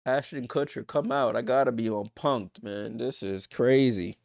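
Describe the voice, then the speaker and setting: A man hosting a livestream watchalong, calling a basketball game with exasperated, disbelieving commentary, swinging between loud outbursts and muttered asides. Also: mid-range voice, measured pace, vocal fry, no room sound.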